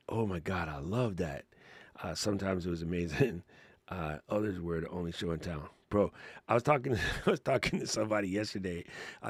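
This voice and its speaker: A man hosting a casual live Q&A, talking in a slangy, excitable way and laughing often. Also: deep voice, breathy edge, no echo. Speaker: livestream host.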